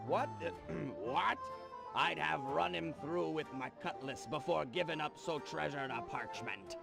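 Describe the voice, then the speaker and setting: A rough, cantankerous pirate. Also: male voice, a little high, measured pace. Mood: gruff. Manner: pirate slang, blunt insults. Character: wiry male pirate, cantankerous and greedy. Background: game music.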